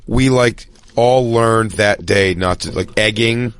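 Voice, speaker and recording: Brief: low-voiced co-host from Philadelphia, casual and wry, quick asides. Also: male voice, fairly bright tone, clean tone. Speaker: podcast co-host. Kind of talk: casual chat.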